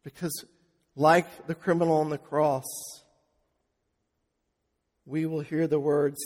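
A pastor preaching in a church sanctuary, his fairly high voice carrying a long reverb through the hall. He speaks slowly, letting phrases fall to near silence before rising again with force. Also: level tone. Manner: slow, with hushed drops and swells to loud emphasis. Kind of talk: sermon.

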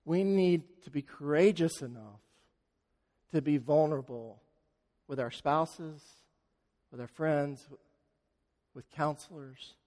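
With a voice on the high side, a man preaches and tells a story dramatically, swinging from loud, rapid delivery to soft, slow delivery, all with big-room sound.

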